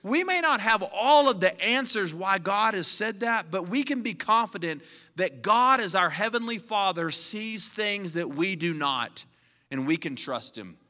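A man's voice: sits high, animated, unhurried, pushed and bright. A middle-aged man preaching a sermon in a conversational, storytelling way. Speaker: pastor. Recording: hall reverb.

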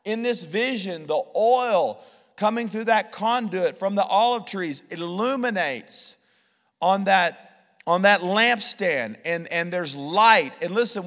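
A male pastor with a high voice delivers a lively, story-driven sermon. He stutters over words as he builds to each point. His voice rings out with a long reverb, as in a large church sanctuary. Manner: storytelling preacher, animated, repeats words when building a point.

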